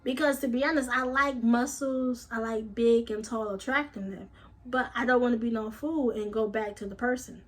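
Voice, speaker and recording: High-voiced emphatic woman vlogger. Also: moderate pace. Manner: emphatic, blunt, swears freely; repeats phrases for emphasis. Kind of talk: casual spiritual monologue.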